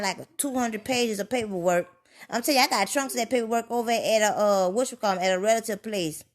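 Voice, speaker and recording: A woman ranting in a rambling, profane monologue, sliding from low grumbling into loud heated outbursts. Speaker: vlogger.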